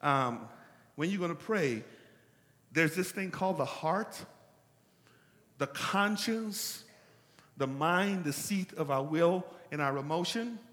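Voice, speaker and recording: A pastor preaching an animated call-and-response sermon that builds up to shouts. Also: male voice, a little high, slow, long pauses, long reverb tail.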